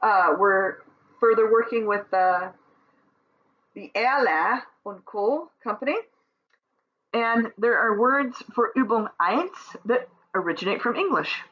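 A woman teaching a German lesson, explaining in English and reading the German example sentences slowly and clearly. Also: mid-range voice, expressive, dull audio. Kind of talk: recorded language lesson.

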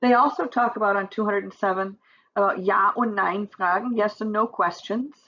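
A woman walks through a textbook grammar lesson, reading German examples and translating them slowly. Her voice is bright, with a middle pitch for a woman. The recording sounds a little dull and lo-fi. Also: fairly even intonation. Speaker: German teacher.

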